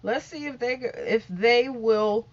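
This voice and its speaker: A woman's voice: a little high, slow, dull audio. A woman, vlogging a casual news recap, chatty and scattered, talking straight to her viewers. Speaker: YouTube vlogger.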